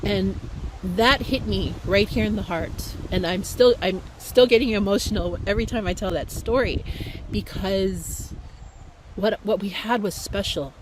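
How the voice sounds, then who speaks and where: A woman's voice: medium pitch, slight background noise, poor audio. A woman from Hawaii speaking in a heartfelt, reflective way, telling a personal story as a speaker in an online talk. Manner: heartfelt, reflective, unhurried with fillers.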